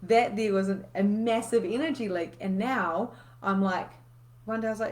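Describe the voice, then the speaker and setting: A woman's voice: mid-range voice, normal speed. A woman, coaching in a casual, candid live session where she swears freely and reads out viewer comments.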